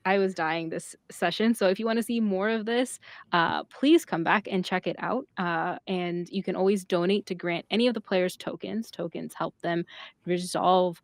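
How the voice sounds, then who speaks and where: A woman's voice: lowish voice, normal speed, no room sound. A woman narrating as game master, chatty and full of filler words.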